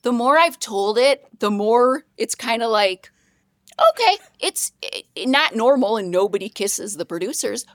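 A bubbly young woman tells a story as a podcast guest, bursting into laughter as she goes. Her voice is high and jumps all over. The sound is close and dry. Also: a little slow, no echo. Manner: bubbly, excitable, laughs often. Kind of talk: casual storytelling.

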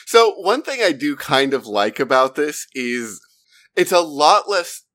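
A man in a casual podcast discussion, with a fairly high voice that moves around a lot. He pauses to search for the right words and sometimes slips into mock quotes. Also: very animated, a bit bright. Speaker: podcast co-host.

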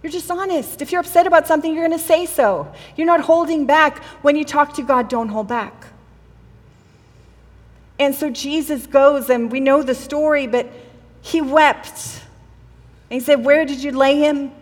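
A woman's voice: high voice, normal speed, long reverb tail. A woman preaching a sermon in a conversational way, acting out the quoted voices of the people in the story. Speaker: pastor. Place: church hall.

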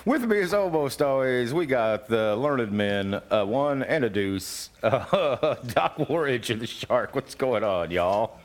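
A man hosts a laid-back community radio chat, his pitch swinging widely as he rambles. He fills gaps with ums and breaks into laughter often. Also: animated, slow, few pauses. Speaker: podcast host.

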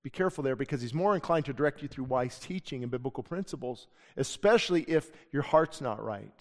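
A man's voice: mid-range voice, animated, a little fast. A middle-aged man preaching a sermon as pastor in a church, earnest and conversational, telling stories from his own life. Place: church sanctuary. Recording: long church hall reverb.

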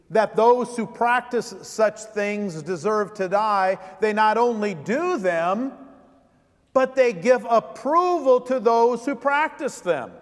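A man's voice: sits high, unhurried, big-room sound. A man preaching a sermon as vicar, driving points home with repeated rhetorical questions.

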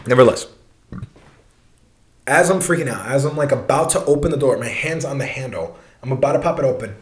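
A man's voice: mid-range voice, brisk, reverberant. A young man telling a long personal story in a casual, rambling way, swearing often and restarting his sentences.

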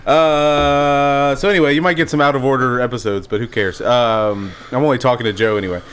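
A man's voice: mid-range voice, fairly even intonation, a little fast, a bit bright, clear, resonant tone. A man hosting a podcast in casual chat, rambling and laughing often. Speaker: podcast host.

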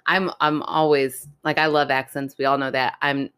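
A woman with a notably low voice co-hosts a casual podcast. She gushes with enthusiasm about things she loves and laughs easily between points. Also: flat delivery, normal speed, a bit bright, clear, resonant tone. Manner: enthusiastic, gushing recommendations. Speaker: podcast co-host. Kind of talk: casual chat.

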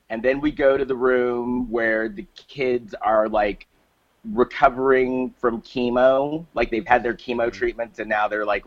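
A man's voice: mid-range voice, highs cut off. A man co-hosting a casual podcast, recapping a movie plot with lots of fillers and restarts. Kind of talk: casual chat.

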